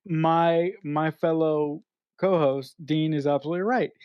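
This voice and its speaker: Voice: medium pitch, a little slow, clear, resonant tone, dry recording, dull audio. A podcast co-host in casual film review chat, earnest and teasing, often restarting sentences.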